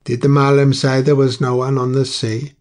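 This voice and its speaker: A man reading the part of a soft-spoken, stubborn helmsman who speaks gently but insistently. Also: mid-range voice, level tone, normal speed, pitched above the performer's own voice, lightly acted.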